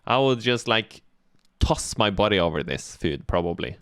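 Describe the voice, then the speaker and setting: A man's voice: on the low side, very animated, normal speed, fairly bright tone, slight background noise. A Norwegian man hosting a reaction video, chatting casually and joking around, laughing often. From Norway.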